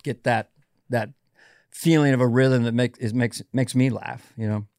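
A man, a guest comedian and impressionist, chatting casually and quickly. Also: medium pitch, fairly even intonation, a little mellow, dry recording, studio quality. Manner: chatty, quick, drifts into voices. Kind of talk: casual chat.

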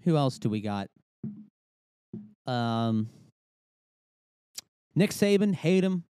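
A man's voice: medium pitch, big pitch swings, slow pace, mellow, clean tone. A young man hosting a podcast, ranting casually with swearing and rambling asides. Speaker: podcast host. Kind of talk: casual comedic rant.

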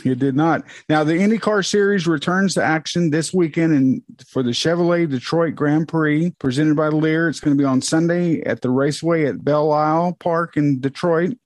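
A man co-hosting a casual motorsport chat, talking in halting stretches and restarting often. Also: on the high side, dry recording. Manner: halting, restarts often, plugs his website. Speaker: motorsport podcast co-host. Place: home, with dogs.

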